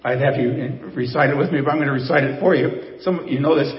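A man's voice: medium pitch, fast, few pauses. An older man, a pastor, preaching a sermon in a conversational way, asking the congregation questions. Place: church sanctuary. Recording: echoey church hall, slightly dull.

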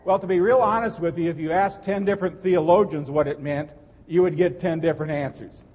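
Husky-voiced pastor preaching in a reverberant sanctuary. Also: male voice, a little high, fairly even intonation, fairly quick, darkish tone, lo-fi sound. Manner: earnest, emphatic preaching with repeated phrases. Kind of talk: sermon. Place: church sanctuary.

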